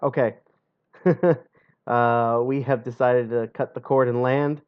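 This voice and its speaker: A man's voice: medium pitch, steady tone, normal speed, darkish tone, smooth, highs cut off. A young man on a live stream reading a gamebook aloud, full of sarcastic asides and frequent laughs, in a home streaming setup.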